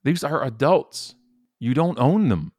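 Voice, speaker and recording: This professional speaker, a man in his 40s, is an animated, emphatic podcast guest in a conversational interview. He has a medium-pitched, darkish voice with a sing-song, unhurried delivery, in studio-quality audio without echo.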